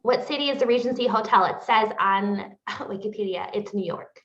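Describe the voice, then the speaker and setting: A woman's voice: medium pitch, normal speed, fairly bright tone. A woman co-hosts a book review podcast, speaking in an easygoing, agreeable way. Her voice carries a roomy echo. The sound is dull and lo-fi. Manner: easygoing, agreeable, laughs often. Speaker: podcast co-host. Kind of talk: casual book review chat.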